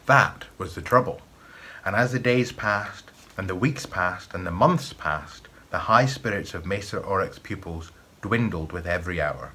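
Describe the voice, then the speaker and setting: A man with a Scottish accent from the east of Scotland, reading a folk tale aloud in an expressive storytelling manner. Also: sits low, normal speed, husky.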